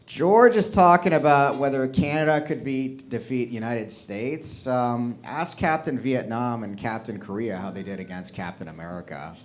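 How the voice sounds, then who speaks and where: A man doing a dark stand-up set at an open mic, with deadpan crowd work. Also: medium pitch, moderate pace, few pauses, a little hiss or hum.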